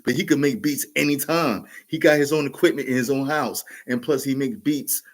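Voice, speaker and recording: A man in his forties with a New York accent speaks briskly in a mid-range voice, telling a casual, rambling story as a podcast host. He laughs often and fills the telling with frequent restarts and fillers.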